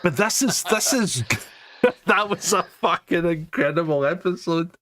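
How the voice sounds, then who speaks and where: Middle-aged Scottish male host, casual stream banter, quick to laugh and swear, slightly raised pitch. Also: a bit bright, slight background noise. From Scotland. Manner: jokey, laughs a lot, swears freely. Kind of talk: casual live-stream chat.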